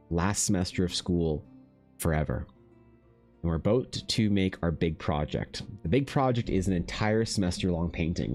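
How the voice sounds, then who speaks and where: A young Canadian man, an artist streamer, telling an animated, swear-laced story in casual chat with lots of restarts. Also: low-pitched.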